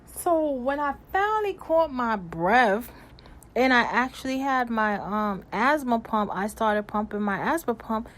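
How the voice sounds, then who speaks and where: Slow-talking animated storytelling woman. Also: a little high. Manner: animated, gets loud and exasperated retelling events. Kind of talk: casual storytime.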